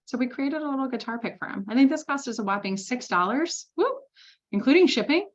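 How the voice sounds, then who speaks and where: A woman giving a recorded sales masterclass, talking in a lively, chatty way and often slipping into quoted asides. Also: high voice, fairly quick, highs cut off. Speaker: sales trainer.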